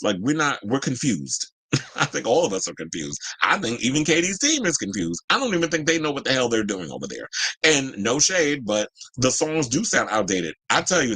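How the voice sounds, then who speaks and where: A man from Georgia, hosting a casual entertainment commentary show and reading viewer comments, chatty and quick to laugh. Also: medium pitch, slightly rough. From Georgia, USA. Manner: animated, chatty, laughs often, slangy asides. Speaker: host.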